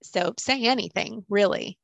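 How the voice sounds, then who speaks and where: A woman co-hosting a podcast, speaking thoughtfully and haltingly with frequent restarts. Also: medium pitch, vocal fry, dry recording. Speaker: podcast co-host. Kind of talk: reflective podcast conversation.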